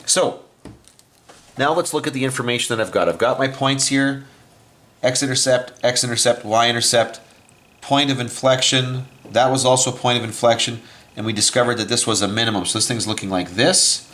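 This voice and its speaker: A man's voice: medium pitch, moderate pace, fairly bright tone. A man teaching a recorded math lesson, explaining each step as he writes and often stopping to correct himself. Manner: explains step by step while writing on a board.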